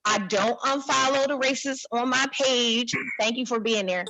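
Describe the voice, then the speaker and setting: Blunt, animated woman comic in her 30s. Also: on the high side, normal speed, slight background noise, rough recording. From New Jersey. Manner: blunt, animated, conversational, repeats herself. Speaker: stand-up comedian. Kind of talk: online stand-up set.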